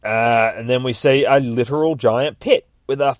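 A man's voice: mid-range voice, normal speed, no echo, studio quality. A man casually recapping and reviewing a comic book in a rambling, sweary way.

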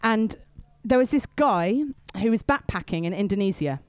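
A woman's voice: mid-range voice, animated, normal speed, darkish tone, smooth, no room sound, faint music behind. A woman preaching to a young crowd, telling stories in a chatty way with asides to the listeners. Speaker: speaker at a youth event. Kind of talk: sermon.

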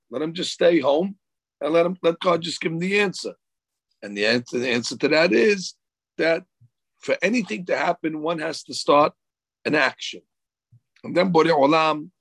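A man's voice: a little high, gravelly, breathy edge, no room sound, rough recording. A man, a rabbi, teaching a Torah class, reading Hebrew verses and explaining them in English.

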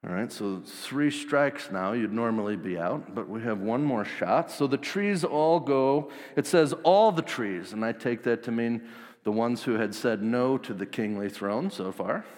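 A man's voice: medium pitch, animated, measured pace, a little mellow. A man preaching in a casual, jokey, slangy way, retelling a story. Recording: long hall reverb.

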